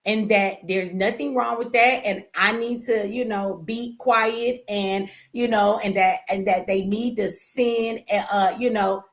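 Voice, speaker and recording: A woman's voice: mid-range voice, fairly even intonation, a little slow, hardly any pauses. An American woman hosting a livestream, talking casually to her chat in a brash, profane, teasing way and laughing often. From United States. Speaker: livestream host.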